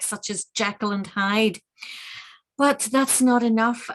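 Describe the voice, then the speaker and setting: A woman hosting a summer school event, welcoming the audience and introducing a guest lecturer warmly, with some fillers. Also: fairly high pitch, low-quality recording. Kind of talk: formal introduction.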